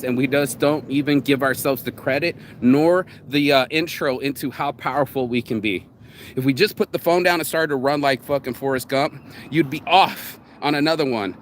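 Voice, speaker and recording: A man's voice: mid-range voice, a little hiss or hum. A man giving a casual motivational talk outdoors by a road, rambling and candid, swearing freely and acting out other people's lines. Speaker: vlogger giving morning motivation.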